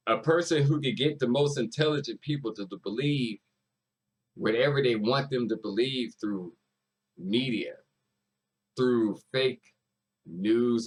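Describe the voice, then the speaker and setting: Husky-voiced man reacting to music. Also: mid-range voice, low-quality recording. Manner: emphatic, repeats lyrics and hypes the artist. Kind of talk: casual reaction commentary.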